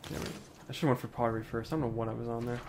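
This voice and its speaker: A man's voice: mid-range voice, steady tone, rapid-fire, gravelly, noisy background. A young man casually commentating a strategy game, brash and joking, swearing freely. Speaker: gameplay commentator. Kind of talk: casual let's-play chat.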